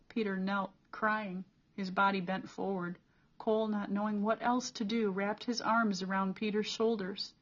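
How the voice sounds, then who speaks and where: A woman reading a novel chapter aloud as an audiobook reader, with steady, clear storytelling. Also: mid-range voice, a little slow, muffled recording.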